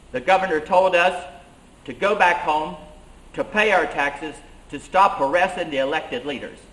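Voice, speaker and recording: With a high, somewhat bright voice, a male reenactor gives a first-person monologue as an 18th-century colonial schoolmaster who rose to lead rebels, speaking with earnest emphasis. The recording carries a roomy echo.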